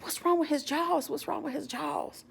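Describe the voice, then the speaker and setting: A man's voice: high voice, creaky, slight background noise. A woman doing an eager, chatty stranger man. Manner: eager, rapid questions.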